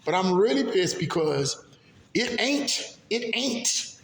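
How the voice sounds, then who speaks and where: A man's voice: very animated, slow. A man giving casual political commentary for his video channel, talking in an impassioned, rambling way and repeating himself. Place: hallway. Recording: echoey hallway, faint rumble.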